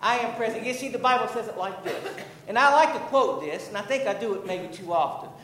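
A male pastor preaching a sermon, building to emphatic, drawn-out declarations. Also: high voice, expressive, a bit bright, reverberant, low-quality recording. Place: church sanctuary.

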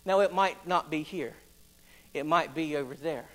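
A man preaching a sermon, folksy and dramatic, swinging between booming declarations and hushed, self-deprecating asides. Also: normal speed. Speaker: pastor.

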